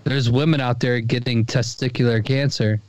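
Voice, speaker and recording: A man's voice: mid-range voice, steady tone, normal speed. A man co-hosting a podcast in casual chat, joking and riffing crudely. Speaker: podcast co-host.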